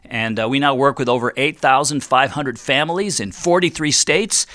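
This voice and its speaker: A man's voice: mid-range voice, normal speed, bright, forceful tone. A middle-aged man hosting a financial radio talk show, chatty and playful, often acting out worried investors in quoted voices. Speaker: radio show host and retirement planner.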